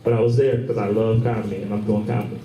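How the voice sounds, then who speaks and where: A stand-up comedian from Michigan in his thirties performs a profane, animated set on a comedy club stage, acting out the people in his stories. His voice is on the low side and fast, with a little hiss or hum. The club recording is roomy and distant, full of crowd laughter.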